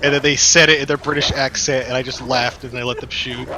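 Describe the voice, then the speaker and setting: A man casually telling anecdotes on a gaming stream, relaxed and amused by his own stories. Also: mid-range voice, fast talker, background noise. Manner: relaxed storyteller, laughs at his own pranks.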